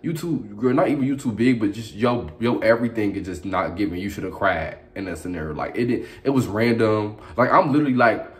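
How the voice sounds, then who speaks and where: A young man runs through his opinions at a rapid clip, in a fairly low voice. He is brash and sassy, and he swears freely in a casual vlog-style review. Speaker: reality show reviewer.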